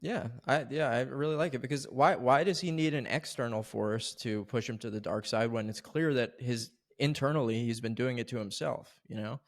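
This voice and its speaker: A man's voice: mid-range voice, normal speed, few pauses. A man co-hosting a podcast, arguing in casual chat with a rambling, restart-heavy manner. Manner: rambling, full of restarts and "you know". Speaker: podcast co-host.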